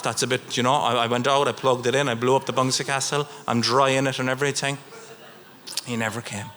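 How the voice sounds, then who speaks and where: A middle-aged Irish man performing stand-up comedy, telling a story with swings from low mutters to high outbursts. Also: flat delivery, fairly quick, noisy background. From Ireland. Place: live stage.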